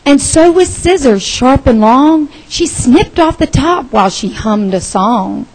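A woman leading children's time at church, reading a picture book aloud in a gentle, expressive storyteller's way. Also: sits high, unhurried, poor audio. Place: church sanctuary.

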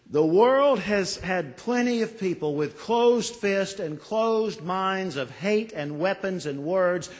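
Male pastor, fairly high voice, slow deliberate sermon delivery with long pauses; ringing church acoustics. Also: in a large hall. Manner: earnest, pleading, with dramatic pauses. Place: church sanctuary.

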